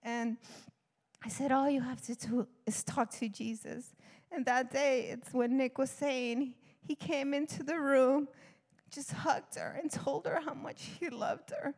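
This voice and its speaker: A woman's voice: high-pitched, fairly even intonation, unhurried, darkish tone. A woman missionary giving an earnest testimony sermon, laughing often and acting out dialogue. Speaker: missionary speaker. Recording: long hall reverb.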